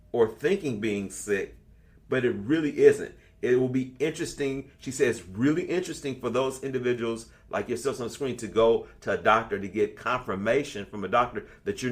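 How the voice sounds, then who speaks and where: A man in his sixties leading an online spiritual class, talking casually and bluntly, swearing freely as he tells stories. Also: medium pitch. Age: 60s. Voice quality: blunt, profane, storytelling. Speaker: class leader.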